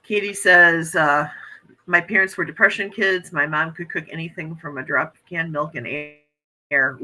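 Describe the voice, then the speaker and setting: A woman's voice: low voice, fairly even intonation, unhurried, pushed and bright, poor audio. A woman in her fifties hosting a casual morning livestream chat, reading out viewer comments and gushing with frequent exclamations. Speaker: livestream host.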